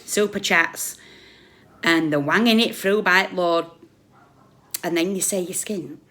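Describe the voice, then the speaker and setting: A British woman with a fairly low voice rants on a live stream, scolding someone directly. She is blunt and sarcastic and swings between raised outbursts and muttered asides. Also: unhurried, bright, forceful tone. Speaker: YouTube commentator. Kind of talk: ranting live-stream commentary.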